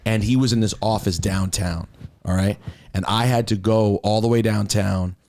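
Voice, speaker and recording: Animated New radio host. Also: male voice, normal speed. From United States. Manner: animated storyteller, jumps pitch for quoted lines. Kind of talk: casual interview chat. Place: radio studio.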